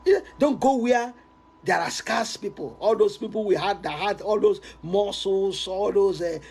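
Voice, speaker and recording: Animated preacher telling a story. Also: male voice, high-pitched, unhurried, gravelly, slightly rough, low-quality recording. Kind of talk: storytelling sermon.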